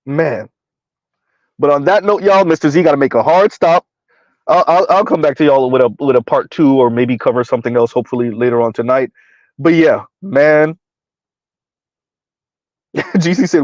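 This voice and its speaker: Blunt, mocking high-voiced man. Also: moderate pace, pauses often, dry recording. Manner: blunt, mocking, laughs often. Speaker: online commentator. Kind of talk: live-stream commentary reading chat. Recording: dull lo-fi dry sound.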